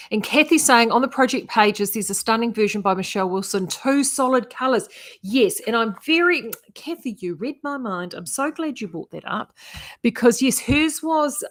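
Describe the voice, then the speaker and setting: A woman, chatting enthusiastically to viewers on a live stream about knitting yarns and color contrast. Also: medium pitch. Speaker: yarn shop owner and video host.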